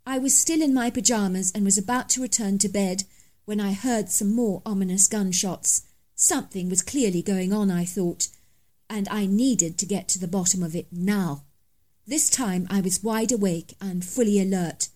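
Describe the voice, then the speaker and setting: A woman's voice: medium pitch, normal speed, dark tone. A woman reading a first-person story aloud as scripted narration, in a dramatic, emphatic manner.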